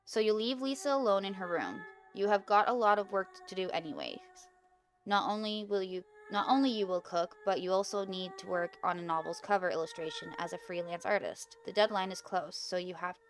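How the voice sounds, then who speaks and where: Young woman, mid-pitched voice, casual gaming host, giggles and trips over words, faint music behind. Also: a little fast. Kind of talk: reading aloud an interactive horror story game.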